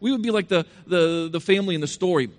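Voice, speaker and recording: A man's voice: sits high, fast. A male preacher delivering an evening sermon, repeating phrases for emphasis and asking the congregation rhetorical questions.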